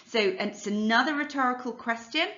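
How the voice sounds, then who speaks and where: A woman's voice: fairly high pitch, moderate pace, sharp tone, reverberant, highs cut off. A woman teacher walking students through a revision lesson in a chatty, explanatory way, with frequent fillers and restarts. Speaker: English literature teacher.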